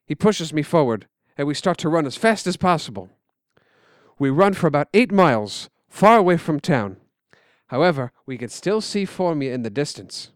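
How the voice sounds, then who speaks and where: A man telling a story in quiet, measured, scripted narration. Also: a little high, lively intonation, smooth, dry recording, studio quality.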